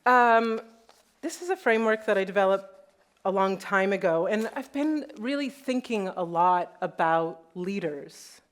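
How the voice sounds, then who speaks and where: A woman hosting a live event, talking casually and playfully to her audience, with laughs and fillers. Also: mid-range voice. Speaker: host.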